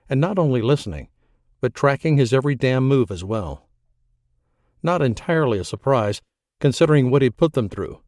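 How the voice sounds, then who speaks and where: A man in measured scripted narration of an audiobook thriller. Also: medium pitch, no echo, clean studio sound. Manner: measured, even storytelling.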